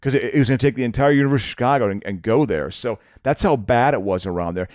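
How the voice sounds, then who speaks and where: A man's voice: medium pitch, racing, darkish tone, no room sound, clean studio sound. A middle-aged man chatting casually as a podcast co-host, rambling and tripping over repeated words. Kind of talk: casual chat.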